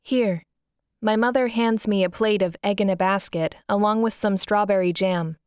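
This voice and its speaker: A woman narrates a first-person story in a soft, mournful reading voice. Her tone is smooth and clear. The recording is dry and close to the mic. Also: medium pitch, fairly even intonation, moderate pace, dry recording.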